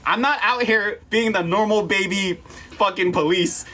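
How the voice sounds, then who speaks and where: Guy ranting on a live stream, kinda high voice, keeps saying seriously, almost crying. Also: unhurried, sharp tone, faint music behind. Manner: emphatic, repeats himself, apologetic. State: close to tears. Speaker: livestreamer. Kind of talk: earnest livestream monologue.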